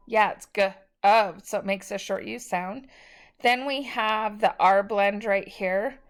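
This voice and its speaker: A woman's voice: mid-range voice, a little slow, clear, resonant tone. A woman teacher giving a recorded spelling lesson, patiently sounding out each word syllable by syllable.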